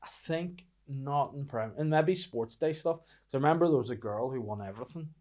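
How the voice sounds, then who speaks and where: With a medium-pitched voice and a fairly quick pace, this young podcast host from Northern Ireland spins animated stories in relaxed conversation, cursing often as he goes.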